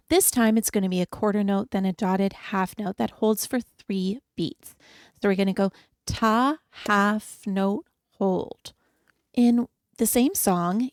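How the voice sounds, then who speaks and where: A woman piano teacher giving a beginner lesson, encouraging and explaining each step clearly. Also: medium pitch, moderate pace, a little mellow, dry recording, clean studio sound. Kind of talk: friendly beginner music lesson.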